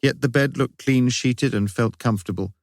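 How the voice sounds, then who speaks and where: A man reading an audiobook detective novel in a measured, wry narration. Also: medium pitch, no echo, studio quality. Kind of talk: scripted narration.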